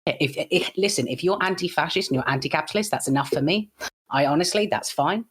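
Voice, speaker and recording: A man's voice: on the high side, quick pace, fairly bright tone, slightly rough. A man speaking as a guest in an unscripted podcast discussion. He talks bluntly and with heat, swears freely, and often restarts and corrects himself mid-sentence. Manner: frequent false starts and self-corrections.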